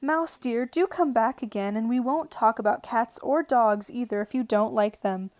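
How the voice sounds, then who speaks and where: A woman voicing a polite, anxious young girl, lifting her voice higher and louder. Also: normal speed, no echo, close to an everyday voice. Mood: eager pleading. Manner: raised, excited girlish delivery.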